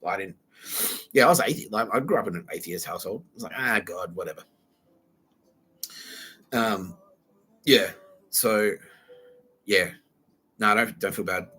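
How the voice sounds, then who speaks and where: A man's voice: lowish voice, a little slow, pauses often, pushed and bright, slightly rough. A young man hosts a rambling solo podcast, talking casually, with a lot of slang and swearing. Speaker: podcast host.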